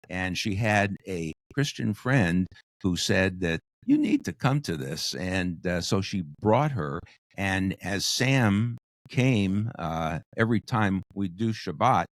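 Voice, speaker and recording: A man's voice: lowish voice, no room sound. A man from Queens, New York, co-leading a ministry, chatting casually with brief joking interjections. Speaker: ministry co-leader. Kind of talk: casual chat.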